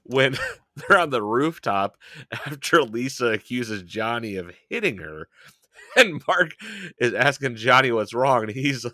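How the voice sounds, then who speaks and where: A man picks apart a movie with a co-host in loose, sarcastic chat full of swearing. His voice is bright and forceful, recorded close in a dry room. He laughs between lines. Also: medium pitch, expressive, a little slow, dry recording. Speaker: podcast co-host. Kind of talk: casual movie-review chat.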